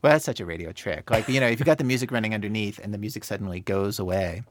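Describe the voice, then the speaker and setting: A man's voice: on the low side, racing, dry recording. A man who works as a radio producer, explaining storytelling craft in a chatty way, full of fillers and repeats. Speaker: radio producer, interview guest.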